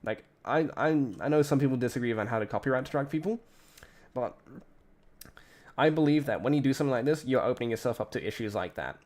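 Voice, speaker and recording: An Australian man streams from a home setup, his medium-pitched voice expressive and a little mellow as he talks fast. His casual live-stream commentary rambles, is profane, and keeps breaking off mid-thought.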